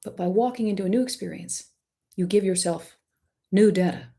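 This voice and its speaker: A woman's voice: medium pitch, fairly quick, vocal fry. A woman hosting a live-stream Q&A, coaching artists in an emphatic, direct and encouraging way. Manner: warmly encouraging to the questioner.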